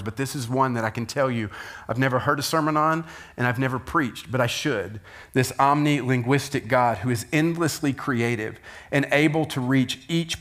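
A pastor delivers a sermon with the energy of a storyteller, pushing his voice up for the dramatic beats and pulling it back down for asides. His pitch sits right in the middle for a man. It is a plain, natural speaking voice. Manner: animated storytelling, rising to loud emphasis and dropping to quiet asides.

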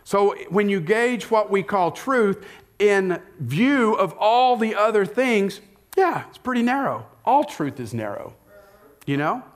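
A man's voice: sits high, big pitch swings, slow pace. A middle-aged male pastor preaching a sermon in a conversational way, often asking rhetorical questions.

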